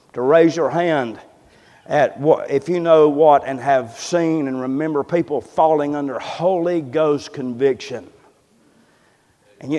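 A man preaching a sermon in a church, moving from hushed, low passages to loud, fervent ones. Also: in a large hall. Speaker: pastor. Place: church sanctuary.

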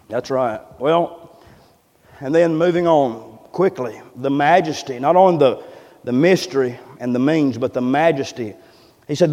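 A man preaching a sermon in a church, moving from hushed, low passages to loud, fervent ones. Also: big-room sound. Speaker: pastor. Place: church sanctuary.

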